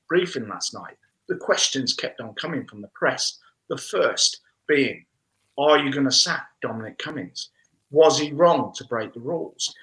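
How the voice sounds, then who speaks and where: Earnest guy on a video call, bright tense tone, lots of restarts. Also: mid-range voice, low-quality recording. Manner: earnest, speechmaking, many restarts. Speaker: panellist on a business chat show. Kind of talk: casual panel discussion.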